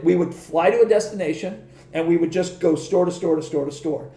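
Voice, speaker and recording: A middle-aged man with a gravelly, fairly high voice spins rambling stories as a podcast guest. He acts out what people said, trips over restarts and swears freely. The sound is dark and mellow, caught in an echoey room. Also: moderate pace. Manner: rambling anecdotes, acts out quoted dialogue, frequent restarts, swears. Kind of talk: casual interview storytelling.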